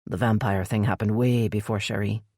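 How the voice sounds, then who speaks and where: A brooding male elf heir, gruff and curt, growling out his words, as a woman narrator puts him on. The voice sits very low and is dry and close, an audiobook read. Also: fairly even intonation, normal speed, warm tone, dry recording. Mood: stern. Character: brooding male elf crown prince, stern.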